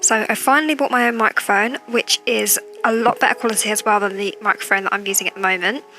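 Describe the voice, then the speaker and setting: A woman's voice: mid-range voice, steady tone, fast, faint music behind. A woman with a chatty manner, keeping her voice down as she records a casual voiceover on a cheap, tinny microphone at home late at night. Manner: talking quietly, chatty. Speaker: gaming video creator.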